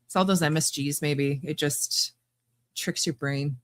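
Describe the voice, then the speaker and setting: A woman's voice: low voice, steady tone, a little slow. A woman co-hosting a podcast, teasing and laughing through casual banter. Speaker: podcast co-host.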